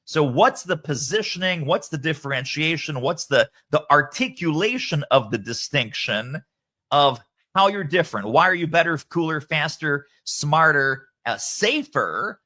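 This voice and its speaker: A man's voice: fairly high pitch, animated, measured pace, bright, forceful tone. A man as a podcast guest author, speaking emphatically and rattling off lists of points. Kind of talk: podcast interview.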